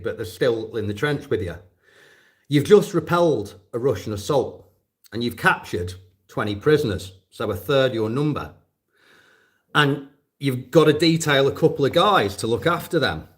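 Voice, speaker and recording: A man at an ordinary middle pitch talks off the cuff to his stream chat. He rambles, swears often and leans on fillers as he goes. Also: lively intonation, normal speed, a bit bright. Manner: profane, rambling, many fillers. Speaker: volunteer drone operator answering live chat. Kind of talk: casual livestream chat.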